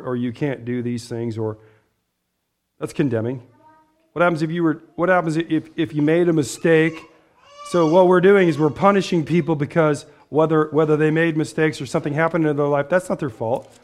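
A man preaching a casual sermon to a small gathering. His voice sits a bit high for a man. He talks things through, often checks in with the room and clears his throat along the way. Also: steady tone, brisk. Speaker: pastor.

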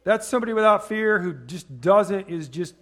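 A man preaching a sermon in a conversational way. He asks the congregation questions and slows down when reading scripture. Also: sits high, lively intonation, fairly bright tone. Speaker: pastor.

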